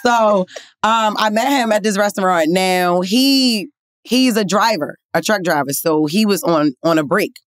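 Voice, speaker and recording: A woman's voice: mid-range voice, a little slow, dry recording. Lady spilling a dating story, laughs a lot, loose slang, dry close mic. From Baltimore. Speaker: podcast co-host. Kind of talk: casual chat, storytelling.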